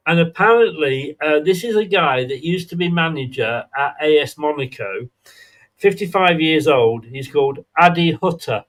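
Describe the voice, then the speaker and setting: Man, fan channel host, casual chat, slightly high pitch. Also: animated, moderate pace, a bit bright. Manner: chatty, laughs at own jokes, reads viewer comments. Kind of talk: casual football podcast chat.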